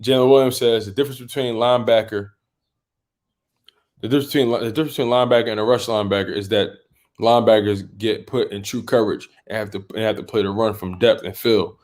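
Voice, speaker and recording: A man's voice: lowish voice, fairly even intonation, fast, a little mellow. A man hosting a fan livestream, chatting casually and reading out viewer comments. He rambles, restarts his sentences and keeps saying "man" and "bro", and he sounds a little sleepy. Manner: rambling, repeats words and restarts, loose slang like "man" and "bro"; yawning and a bit sleepy. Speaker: host of a sports livestream.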